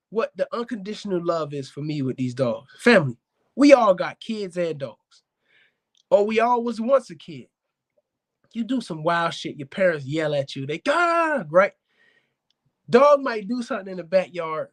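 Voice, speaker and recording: A man hosting a casual live-stream chat about his dogs, animated and preachy, often calling out to viewers. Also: high voice, moderate pace. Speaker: dog kennel owner hosting a live talk show.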